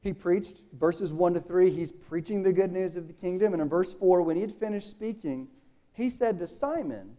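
Animated preacher man, high mellow voice. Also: moderate pace, highs cut off. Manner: casual and animated, acts out dialogue. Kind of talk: sermon.

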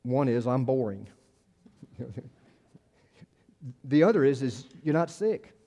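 A man's voice: medium pitch, animated, slow, warm tone. Man preaching a casual, restarting sermon. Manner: conversational preaching with many restarts and acted quotes. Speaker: pastor.

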